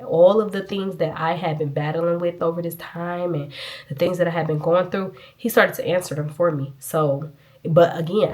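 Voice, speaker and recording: A woman talks straight to her viewers. She is chatty and earnest, calling them y'all. She sniffles now and then as she tells her story. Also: sits low. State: sniffling, itchy nose. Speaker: vlogger. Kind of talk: casual testimony vlog.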